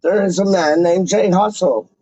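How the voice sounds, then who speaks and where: A man hosting a livestream as a self-styled, snobbish Englishman, rambling slowly in pompous rhyming nonsense. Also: sits high, warm tone, no room sound. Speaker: livestream host. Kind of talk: comic in-character livestream ramble. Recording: dull, lo-fi, dry sound.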